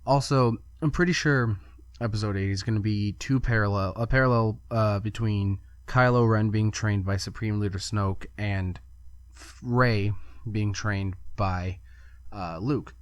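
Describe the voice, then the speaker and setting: A man's voice: fairly low pitch, smooth, dry recording, studio quality. A man hosting a solo podcast, talking in a casual, rambling way with lots of fillers and the odd chuckle. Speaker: podcast host.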